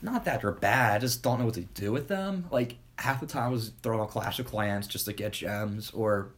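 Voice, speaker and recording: A young man chatting casually in a slangy, laid-back way, swearing freely. His voice sits on the low side. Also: normal speed, fairly bright tone. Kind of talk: casual chat.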